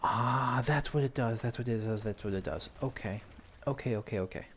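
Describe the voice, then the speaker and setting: A man's voice: mid-range voice, fairly quick, slight background noise. A man playing a video game, chatting and thinking aloud as he reads and explores. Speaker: game streamer. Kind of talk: let's play commentary and story reading.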